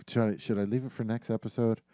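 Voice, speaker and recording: A man's voice: lowish voice, fairly even intonation, brisk, mellow, no echo, clean studio sound. A man co-hosting a casual gaming podcast, talking loosely with lots of fillers and swearing. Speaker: podcast co-host.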